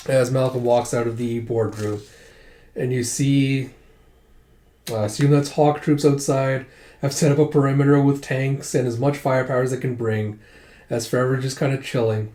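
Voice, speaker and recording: A man's voice: medium pitch, level tone, moderate pace, dark tone. A man casually narrating a comic book readthrough, swearing and describing panels. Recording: echoey room.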